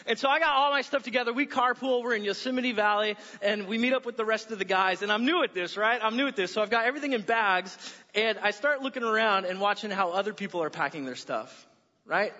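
Male pastor, high and bright, animated storyteller; muffled recording in a reverberant church hall. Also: fast. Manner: animated storytelling, acts out voices. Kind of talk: sermon with personal story. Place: church auditorium.

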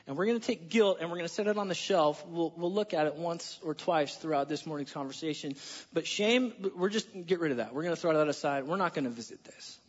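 Pastor, male, high voice, lively sermon with dry sarcasm, church hall reverb. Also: slightly rough, dull audio. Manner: animated preaching, wry sarcastic asides, drops to near-whisper for emphasis. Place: church sanctuary.

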